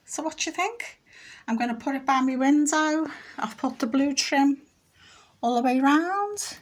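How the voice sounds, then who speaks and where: A woman's voice: sits high, animated, unhurried. A middle-aged woman, chatting casually on her home vlog, rambling and homely as she shows things around her house on a handheld camera. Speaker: vlogger.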